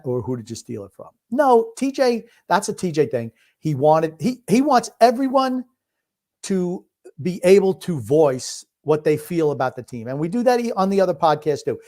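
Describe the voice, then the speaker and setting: A man co-hosting a casual sports podcast, blunt, sarcastic and quick to swear, reading listener comments aloud. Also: on the high side, dark tone. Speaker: podcast co-host.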